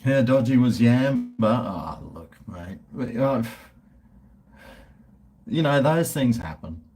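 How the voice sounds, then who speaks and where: A man's voice: medium pitch, lively intonation, slow, a little mellow. A man with an Australian accent, chatting casually on a livestream and answering viewer comments in a rambling, easygoing way. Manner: rambling and chatty, with laughs and trailing restarts. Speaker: food reviewer and livestreamer.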